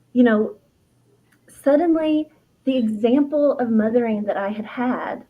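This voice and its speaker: Over phone-quality audio, a middle-aged herbalist and author with a fairly high voice shares a personal story as an interview guest. She speaks earnestly and from the heart, laughing often and restarting sentences in this candid conversation.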